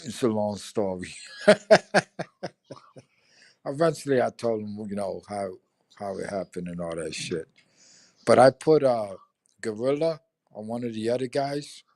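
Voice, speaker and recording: A man's voice: fairly low pitch, expressive, a little slow, gravelly, long pauses, dark tone, no echo. An older man in his seventies or so telling his army yarns, laughing and cursing as he acts out each voice. The sound is close and dry, with no room around it. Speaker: veteran telling stories on a live stream. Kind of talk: casual storytelling chat. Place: home.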